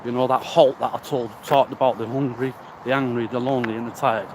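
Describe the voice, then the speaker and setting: A man's voice: mid-range voice, fairly even intonation, brisk. A man, walking outdoors and talking into a handheld phone, out of breath, rambling and blunt with casual swearing. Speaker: recovery vlogger. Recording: outdoor noise, wind and birds.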